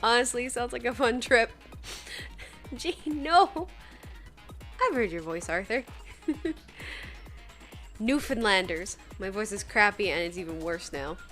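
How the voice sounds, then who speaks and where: Slow-talking woman with a Saskatchewan accent. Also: mid-range voice, expressive, a bit bright, soft background music. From Saskatchewan, Canada. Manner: giggly and chatty, swears casually, reads chat aloud. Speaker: streamer. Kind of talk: casual gaming stream chat.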